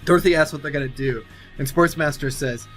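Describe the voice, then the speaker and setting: Rambling man pitching a film plot. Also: a little fast, fairly bright tone, soft background music. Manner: rambling, thinking aloud with many fillers and restarts. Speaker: movie sequel writer. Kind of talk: casual pitch-style narration of an imagined film.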